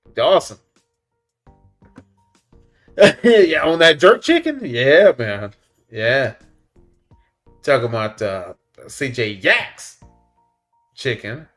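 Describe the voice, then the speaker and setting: A man's voice: mid-range voice, sing-song, slow, long pauses, a bit bright, soft background music. A man, hosting a casual livestream, reading the chat in a laid-back way, chuckling often and calling people "man" and "buddy". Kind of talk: casual live-stream chat.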